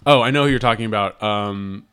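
A man's voice: fairly low pitch, a little fast, fairly bright tone, clean tone. Hesitant, rambling man co-host. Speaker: podcast co-host. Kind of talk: casual chat.

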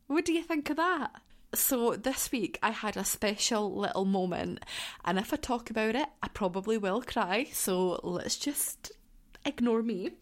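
Chatty young Scottish woman podcasting. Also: medium pitch. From southwest Scotland. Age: 20s. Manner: chatty and effusive, swears casually. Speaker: podcast host. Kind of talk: casual solo podcast chat.

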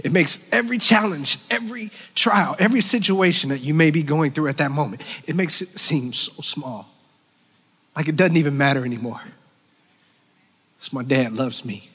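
Earnest guy preaching, kinda high voice, long church echo. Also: a bit bright, husky. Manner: earnest, emotional, halting with restarts. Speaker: worship leader. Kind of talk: sermon. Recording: long church hall reverb.

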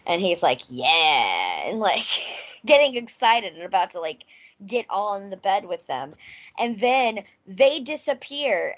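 A woman from Mississippi with a Southern American accent, hosting a podcast and casually retelling a film plot with lots of fillers. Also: medium pitch. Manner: loose, filler-heavy storytelling. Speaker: podcast host. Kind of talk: casual chat recapping a film.

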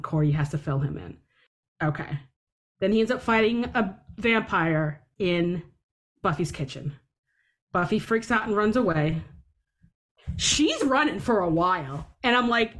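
A woman's voice: medium pitch, lively intonation, normal speed. Chatty woman podcaster, swears freely. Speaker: podcast co-host. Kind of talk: casual chat. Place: city.

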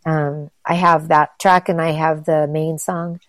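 Gushing low-voiced woman guest. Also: little pitch movement, measured pace, no room sound. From Los Angeles, USA. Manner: enthusiastic and rambling, lots of "like" and restarts. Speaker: guest, actress and singer. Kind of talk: casual interview chat.

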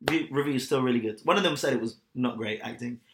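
A man's voice: medium pitch, fast, noisy background. A young man chatting bluntly and mockingly on a podcast, retelling stories with animation. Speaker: podcast co-host. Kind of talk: casual chat. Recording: echoey room.

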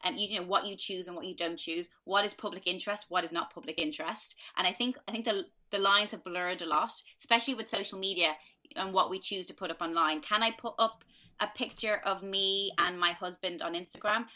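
A woman's voice: medium pitch, fairly even intonation, fairly quick, sharp tone. A woman guest on a podcast, talking candidly and thoughtfully. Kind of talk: reflective casual chat.

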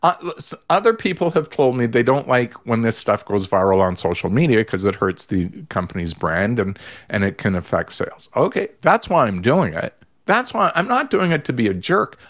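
A man's voice: medium pitch, sing-song, normal speed, fairly bright tone. A man, a therapist guest in a casual radio chat, telling an exasperated story full of restarts.

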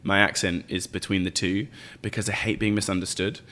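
A deep, level, sharp-toned voice belongs to an English actor with a Bath accent, speaking briskly as a guest in a casual interview. He fills his talk with many fillers and laughs frequently.

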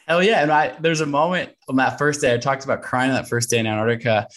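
A man talks through a podcast conversation with a lot of energy. He tells his stories in a lively way, and his voice jumps up as he acts out the doubting voice in his head. His pitch sits in the middle range for a man. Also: quick pace. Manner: animated storyteller who acts out his inner voice. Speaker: guest, adventurer and author.

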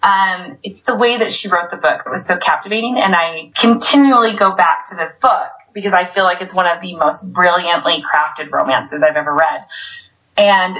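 A woman's voice: lowish voice, moderate pace, a bit bright, lo-fi sound. A woman author chatting effusively and rambling as a guest in an online interview. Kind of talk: casual interview chat. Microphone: video call.

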